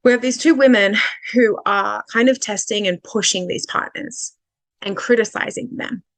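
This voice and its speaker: A woman's voice: a little high, moderate pace, no room sound. A woman relationship coach explaining dating behaviour in a casual, conversational way, with fillers and restarts, stretching out her key points.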